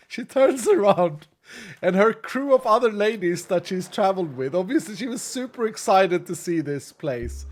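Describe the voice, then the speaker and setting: A man's voice: high-pitched, lively intonation, moderate pace. A man in his thirties chatting casually with his chat while playing a game on stream, laughing often.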